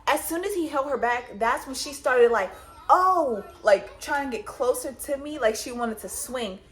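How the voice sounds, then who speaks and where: A woman's voice: high-pitched, expressive, normal speed. A woman vlogger casually telling a story, retelling it with lots of repetition and acted-out dialogue.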